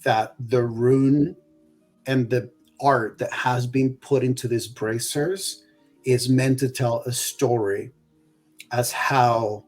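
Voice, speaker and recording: A man runs a tabletop game, narrating scenes and item details at a slow, measured pace. His voice sits mid-range. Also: medium pitch, steady tone, faint music behind. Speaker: game master.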